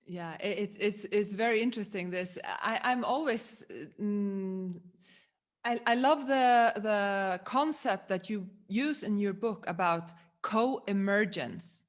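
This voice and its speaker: A woman's voice: medium pitch, slow. A woman hosting a podcast interview, affirming often and asking reflective questions. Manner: supportive, frequent affirmations. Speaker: podcast host. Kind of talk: conversational interview.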